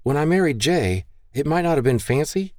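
A man's voice: a little high, lively intonation, a little mellow, no room sound, studio quality, voice pushed up, close to an everyday voice. A man voicing a playful, petite young woman about to be married, with a sassy, teasing manner. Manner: sassy, quick retorts.

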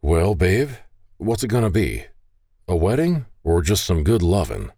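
Man playing a flirty groom, joking, deep voice, animated, dry audiobook sound. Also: a little slow, dry recording, full character voice.

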